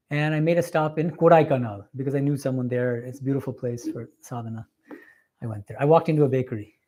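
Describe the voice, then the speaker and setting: A visiting swami, a monk in his forties, lectures on spiritual matters before a live audience in a meditation hall. His voice is mellow and mid-range, and he tells stories with earnest emphasis, drawing laughs.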